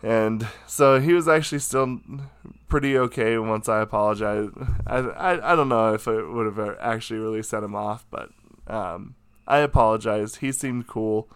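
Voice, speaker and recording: A man's voice: lowish voice, normal speed, smooth, no room sound. A man telling a casual, self-mocking anecdote from his room at home, chatty and full of fillers. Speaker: storyteller.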